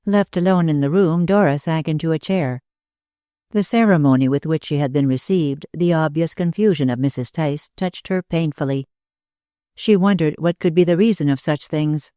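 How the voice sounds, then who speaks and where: Audiobook narrator, measured, mid pitch, dry close recording. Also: warm tone, smooth, dry recording.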